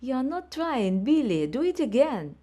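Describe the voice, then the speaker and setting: A woman voicing a strict, demanding female ballet teacher in an audiobook, speaking in sharp commands. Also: low voice, measured pace.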